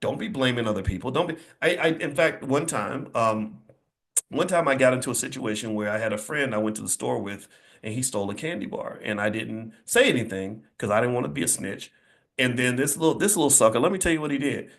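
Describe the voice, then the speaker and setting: A man's voice: medium pitch, expressive, brisk, a bit bright. A middle-aged man giving a motivational speech to a live audience in an indoor venue, emphatic and repetitive, with a preacher-like rhythm. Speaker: motivational speaker.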